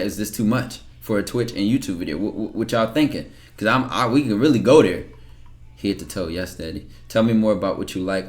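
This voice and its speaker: A man's voice: mid-range voice, fairly bright tone. A man casually reacting to viewer messages on a livestream, blunt and profane, lecturing his chat.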